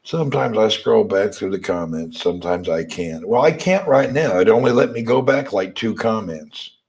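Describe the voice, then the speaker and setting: A man from Tennessee with a Southern accent and a slightly hoarse, crackly voice, chatting casually on a livestream and reading viewer comments. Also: on the low side, expressive, normal speed, darkish tone. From Tennessee, USA. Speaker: livestream host.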